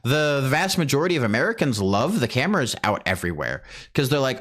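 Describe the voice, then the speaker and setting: A man's voice: medium pitch, big pitch swings, fast talker, hardly any pauses, fairly bright tone. A man in casual conversation, explaining his views earnestly with some indignation. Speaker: streamer. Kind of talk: casual chat.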